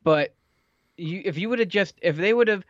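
Brief: wry male co-host, lively higher voice, dull lo-fi mic. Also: moderate pace, dry recording. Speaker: podcast co-host. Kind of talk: casual comedic chat.

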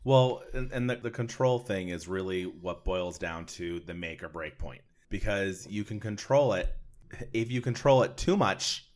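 A man with a somewhat low voice hosts a casual conversation. He speaks earnestly and reflectively. He sometimes repeats words as he works out his thoughts. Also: lively intonation, measured pace, darkish tone.

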